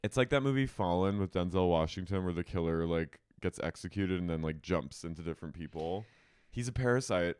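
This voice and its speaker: Man co-host, smooth clear voice, lively pitch, jokey and quick to act out quotes. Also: no echo, studio quality. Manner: expressive, jokey, acts out quotes. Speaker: podcast co-host. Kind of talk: casual chat recapping reality TV.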